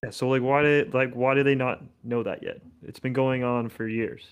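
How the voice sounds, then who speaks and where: Easygoing hockey fan, mid-pitched, chatty, hesitant. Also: male voice, steady tone, moderate pace, smooth. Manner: laid-back, laughs often, hesitant fillers. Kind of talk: casual sports chat.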